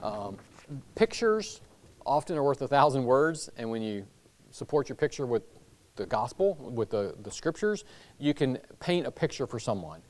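A man's voice: medium pitch, sing-song, moderate pace. A man teaching a church Bible class, talking loosely with many fillers and restarts.

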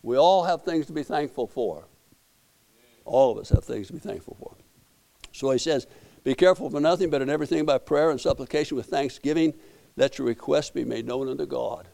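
A middle-aged man preaches a sermon, his voice carrying a gravelly edge. He speaks in a folksy, storytelling way, circling back with repeated words and restarts as he makes his points. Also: mid-range voice, fairly quick, warm tone. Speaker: pastor.

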